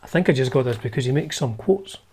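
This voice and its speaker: A man's voice: mid-range voice, lively intonation, fast, dark tone, a little hiss or hum. A man hosting a guitar channel, chatting casually and wryly through old magazines, with lots of fillers and restarts.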